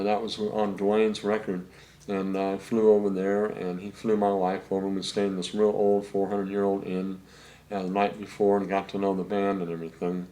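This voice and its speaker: An older man, a session saxophonist, telling rambling anecdotes in a relaxed interview, full of fillers. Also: lowish voice. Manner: rambling anecdotes with many fillers, acts out quotes.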